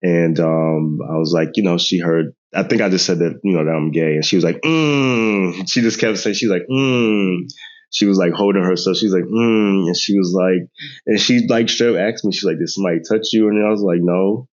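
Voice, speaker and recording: A low-pitched man in his thirties tells a family story on a podcast, animated and laughing often, slipping into voices of relatives. The sound is dull and lo-fi. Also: moderate pace. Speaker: podcast guest. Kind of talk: casual storytelling chat.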